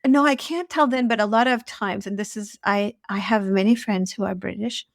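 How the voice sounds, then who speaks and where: A woman's voice: mid-range voice, moderate pace, creaky, dry recording, clean studio sound. A woman co-hosting a podcast, chatting casually, laughing easily and recalling stories. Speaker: podcast co-host, former escort. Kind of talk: casual chat.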